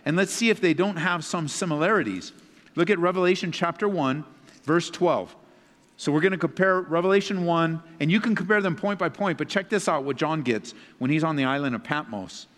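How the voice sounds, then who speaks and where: Emphatic preacher man in a reverberant hall. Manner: swings between loud emphatic passages and hushed low reading. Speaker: pastor. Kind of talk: sermon. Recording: long reverb of a large hall.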